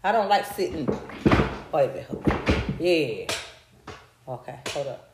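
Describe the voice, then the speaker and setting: A woman's voice: low-pitched, expressive, a little slow, pauses often, darkish tone, slight background noise. A woman hosting a casual livestream, chatting straight to her viewers and swearing freely. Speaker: livestream host. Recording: roomy echo.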